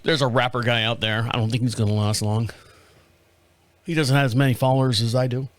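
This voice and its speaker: A middle-aged man hosting his own show, telling a story in a casual, profane, animated way and laughing at himself. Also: medium pitch, brisk, no room sound. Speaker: podcast host. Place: home studio.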